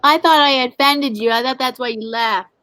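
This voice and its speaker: High-voiced chatty woman livestream host. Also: moderate pace, bright, forceful tone, dry recording, rough recording. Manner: chatty, greets viewers by name. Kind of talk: casual live chat.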